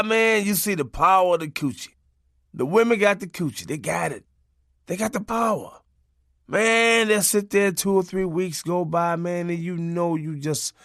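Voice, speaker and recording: A man's voice: sits high, fairly bright tone, no echo, studio quality. A man narrating a comic memoir in a loose, profane, conversational way, laughing as he goes. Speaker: audiobook narrator.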